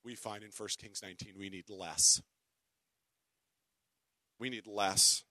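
A man preaching a sermon, with wry conversational asides, who reads scripture dramatically, swinging from loud declaiming to hushed whispers. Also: fairly low pitch, slow pace, no echo. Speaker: pastor.

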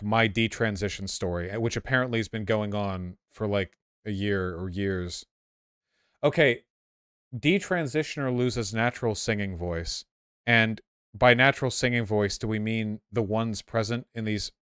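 Sarcastic guy streamer reacting to clips, lowish voice, super dry sound. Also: clean tone, no room sound. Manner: sarcastic, quick reactive asides. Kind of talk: casual commentary.

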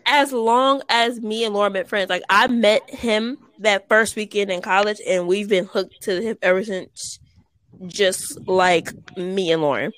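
A woman's voice: medium pitch, a little slow, a bit bright. A woman, co-hosting a podcast in casual, chatty talk and laughing often. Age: 20s. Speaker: podcast co-host. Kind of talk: casual chat.

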